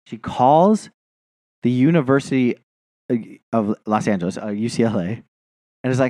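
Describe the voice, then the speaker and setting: A man's voice: mid-range voice, animated, normal speed, darkish tone, no room sound, clean studio sound. A man co-hosting a podcast, telling a long, rambling story in casual chat, swearing and laughing often. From New Jersey. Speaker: podcast co-host.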